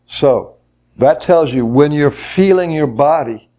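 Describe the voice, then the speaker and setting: A man's voice: on the high side, expressive, mellow. A man leading a workshop and teaching the group, explaining step by step and acting out example voices. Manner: explains slowly, then acts out voices. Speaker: workshop leader. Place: workshop room.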